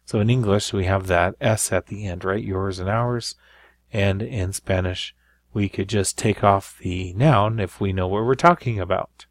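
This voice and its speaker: A man with a low voice explains grammar in a recorded lesson. He walks through each point patiently, often pausing to ask "right?". The sound is close and dry. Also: no echo. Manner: explanatory, repeats with frequent "right?". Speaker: Spanish teacher.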